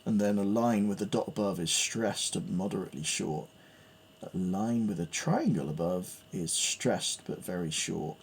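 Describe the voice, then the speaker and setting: Working through piano theory, a man thinks aloud, reading out notes and musing hesitantly with fillers. His voice is low and gravelly at a normal pace, with a little hiss or hum on the recording.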